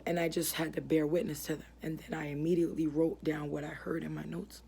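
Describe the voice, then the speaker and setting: Brief: young woman, low, flat, gravelly voice, earnest halting religious testimony. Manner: earnest, halting, many fillers and restarts. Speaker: ministry founder giving testimony.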